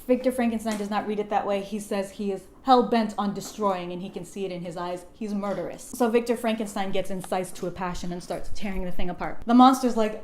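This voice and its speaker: A young woman retelling a gothic novel as a comedy, in a profane, slangy, deadpan way. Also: mid-range voice, a little hiss or hum. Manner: profane, slangy, deadpan storytelling with quick paraphrased quotes. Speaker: video host retelling a novel. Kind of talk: irreverent comedic book summary.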